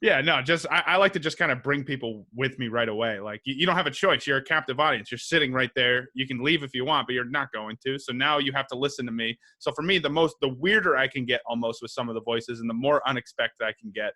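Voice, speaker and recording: A man's voice: mid-range voice, quick pace, hardly any pauses, sharp tone. A man hosting a comedy podcast, chatting casually in a rambling, laid-back way with frequent restarts. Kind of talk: casual chat.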